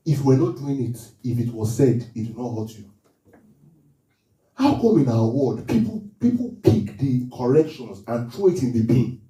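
A man's voice: mid-range voice, expressive, moderate pace, dark tone, recorded from a distance. Man preaching in an echoey church. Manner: call-and-response preaching, repeating phrases, rhetorical questions. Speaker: pastor. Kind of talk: sermon.

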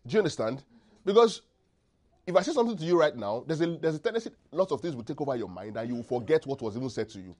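A male preacher delivering a sermon with a voice that swoops up and down, full of expressive rises and falls. He keeps checking in with his listeners and leaves gaps in the verses for them to call back the missing word. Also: mid-range voice, fast. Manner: call-and-response, asks congregation to finish verses.

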